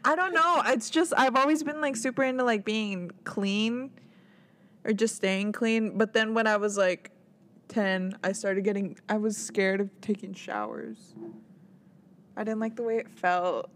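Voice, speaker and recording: A woman's voice: mid-range voice, a little slow. A young woman co-hosting a podcast, chatting candidly with blunt jokes and casual swearing. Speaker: podcast co-host. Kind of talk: casual chat.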